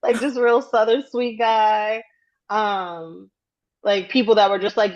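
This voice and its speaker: A woman's voice: medium pitch, takes it slowly. Woman podcaster telling a story, acts out what people said, kinda muffled lo-fi sound. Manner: animated storyteller acting out quotes, hedges often. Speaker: podcast co-host. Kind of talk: casual chat.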